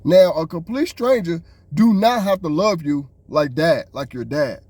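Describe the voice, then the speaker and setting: Exasperated man ranting, lively pitch. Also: a little slow, no room sound. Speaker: podcast co-host. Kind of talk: casual reaction commentary.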